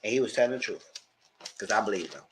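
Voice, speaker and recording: A man's voice: lowish voice, expressive, quick pace, noisy background. A man hosting a live TV recap, telling the episode's story dramatically with slang asides and heated commentary. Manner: colorful and heated, swears in his commentary. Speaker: TV reviewer and channel host.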